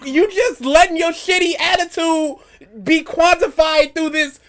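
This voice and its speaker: A man's voice: very high-pitched, fairly even intonation, a little slow, fairly bright tone. A young man hosting a podcast, reacting to stories with blunt, joking comments in casual chat. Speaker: podcast host.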